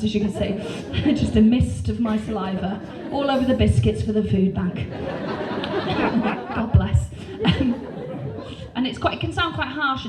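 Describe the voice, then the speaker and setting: A woman in her thirties from North Wales with a North Welsh accent, doing a brash, sweary stand-up routine and tagging her lines with "right?". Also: fairly high pitch. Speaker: stand-up comedian. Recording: roomy sound from a distant mic, faint noise.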